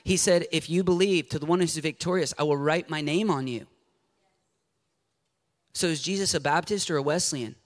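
A man preaching a sermon, building to shouted passion and then easing into quiet storytelling. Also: a little high, normal speed, pauses often.

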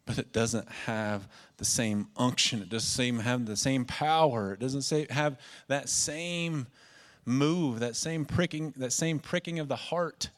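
A man preaching as a pastor, earnest and emotional, repeating phrases for emphasis. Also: mid-range voice. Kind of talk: sermon.

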